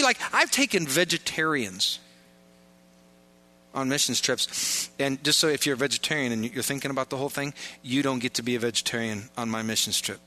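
Bright-voiced man preaching a sermon. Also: medium pitch, expressive, normal speed. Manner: informal, joking asides, emphatic repetition. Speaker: pastor.

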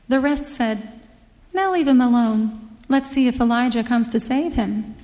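A woman's voice: a little high, a little mellow. Woman reading scripture in a reverberant hall. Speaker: scripture reader.

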